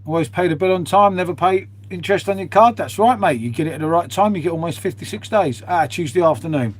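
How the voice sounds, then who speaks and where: A man with a husky, slightly raised voice chats to viewers in a loose live-stream ramble. He swears freely and drops "mate" into nearly every line. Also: high-pitched, quick pace. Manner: chatty, swears freely, says "mate" constantly.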